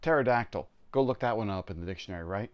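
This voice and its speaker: A Canadian man streams a game, chatting casually, laughing often and poking fun at himself. His low, smooth voice races along, and the recording has its highs cut off.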